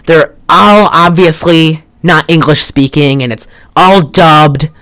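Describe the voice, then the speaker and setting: A podcast co-host in a rambling, excitable, casual movie review chat, often laughing and swearing. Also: mid-range voice, slow, no room sound.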